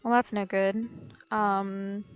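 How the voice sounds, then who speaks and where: A woman's voice: mid-range voice, flat delivery, slow, muffled recording, faint music behind. A woman streaming a game, giving chatty, rambling let's play commentary.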